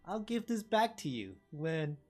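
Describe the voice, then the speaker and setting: A man's voice: on the high side, very animated, unhurried, a little mellow, faint music behind, pitched above the performer's own voice. A man voicing a stern, fed-up woman who runs a guild and scolds curtly.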